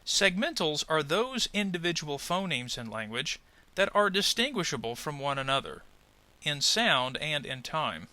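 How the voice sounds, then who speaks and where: Lively, bright-voiced male pronunciation teacher. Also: a little high, no echo. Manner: clear, deliberate, over-articulates example words. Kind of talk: scripted lesson voice-over.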